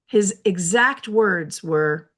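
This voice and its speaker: A woman hosting a reflective solo talk from her office, explaining ideas in a measured, lecturing way with personal asides. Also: medium pitch, fairly bright tone. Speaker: host.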